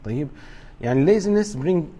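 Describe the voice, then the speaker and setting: Guy teaching a religion class, mellow kinda high voice, repeats stuff, slow and patient. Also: expressive, husky. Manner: explains step by step, repeats key points, mixes in Arabic words.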